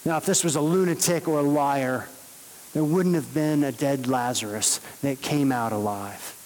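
A man preaching a sermon, earnest and steady, rising to emphatic peaks. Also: medium pitch, moderate pace, in a large hall, low-quality recording. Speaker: pastor.

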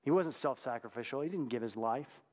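A man preaching a sermon in a conversational, reflective way, sometimes dropping to a hushed tone. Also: medium pitch, a little fast, big-room sound.

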